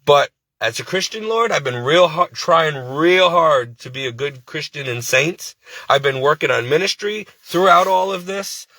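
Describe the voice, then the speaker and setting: A man's voice: on the high side, animated, normal speed, bright, forceful tone, dry recording. A sleep-deprived man working as a part-time caregiver, venting to camera in a rambling, exasperated, pleading way. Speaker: devout Christian.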